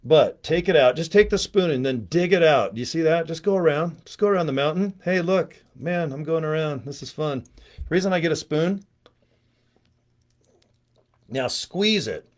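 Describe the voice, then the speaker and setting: A man's voice: fairly high pitch, expressive, moderate pace. A middle-aged man chatting casually at home on a webcam livestream, rambling, joking and cursing freely. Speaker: video host. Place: at home, indoors.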